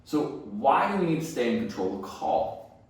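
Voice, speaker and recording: A man's voice: mid-range voice, sing-song, normal speed. Guy coaching dental front desk staff, stresses every point, super echoey room, kinda far from the mic. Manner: emphatic, asks and answers his own questions. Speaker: dental practice phone coach. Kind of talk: instructional talk.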